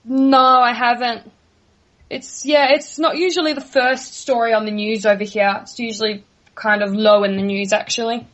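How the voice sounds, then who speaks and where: A woman's voice: on the high side, fairly even intonation, moderate pace, a bit bright, highs cut off. A young woman from Australia with an Australian accent, answering interview questions casually and in a friendly way, laughing easily. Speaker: guest.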